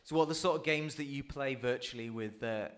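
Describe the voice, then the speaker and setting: A man's voice: mid-range voice, fairly quick, a bit bright. A man in his thirties presenting a radio conversation slot in the studio, upbeat and self-mocking as he chats with young guests.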